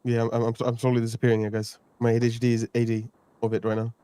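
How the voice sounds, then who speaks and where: A man's voice: medium pitch, monotone, very fast, mellow, slight background noise. A man in a role-play game joking and teasing in casual banter. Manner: jokey, teasing.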